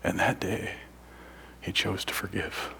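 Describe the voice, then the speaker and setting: Male preacher, low husky voice, sermon delivery that drops to whispers for effect. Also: level tone, measured pace. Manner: swings from loud emphatic lines to hushed whispers.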